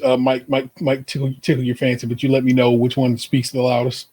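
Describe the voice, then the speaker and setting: This man co-hosts a podcast, his medium-pitched voice a little fast with a breathy edge. His chat is casual and profane, full of animated stories where he adopts voices for the quotes.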